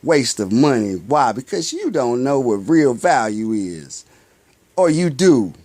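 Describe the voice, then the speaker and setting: A man giving a casual spiritual monologue in loose, slangy talk. He poses rhetorical questions and answers them himself, and drifts between loud bursts and low mutters. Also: sing-song, unhurried, dry recording. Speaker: spiritual vlogger.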